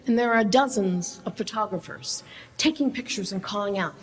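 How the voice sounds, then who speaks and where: A woman singer-songwriter telling a personal story in an excitable, animated way, with many stumbling restarts. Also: mid-range voice, normal speed, long reverb tail, rough recording.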